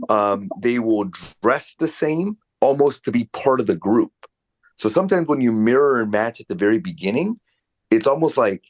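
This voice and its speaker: A man coaching a salesperson over a video call, giving direct, conversational feedback. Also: mid-range voice. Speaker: real estate sales coach.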